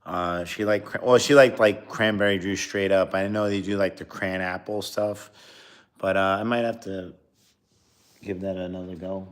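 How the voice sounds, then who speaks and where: A man's voice: low-pitched, fairly even intonation, normal speed. A man who is a comedian chatting casually on a live stream, rambling and talking between bites of food. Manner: rambling, talks while eating.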